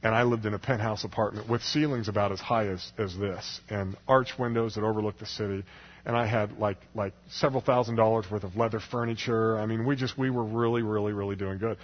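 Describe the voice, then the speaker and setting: Husky man rambling through a story. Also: fairly low pitch, steady tone, brisk, lo-fi sound. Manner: rambling, many "you know"s and restarts. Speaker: speaker telling a personal story. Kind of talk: storytelling talk.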